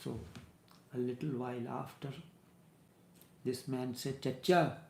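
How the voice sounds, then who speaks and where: A man, a spiritual teacher giving a discourse full of stories, speaking in a measured way and repeating phrases for emphasis. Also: medium pitch, level tone, vocal fry, dark tone, slight background noise. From Trinidad. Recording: roomy echo.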